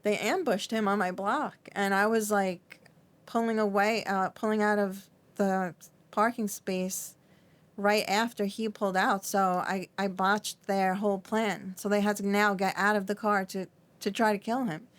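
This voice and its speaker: Shaky middle-aged woman, halting recollection. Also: medium pitch, steady tone. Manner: halting, repeats and restarts often, fillers like "like". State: shaky, trembling. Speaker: podcast guest. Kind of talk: emotional interview recollection.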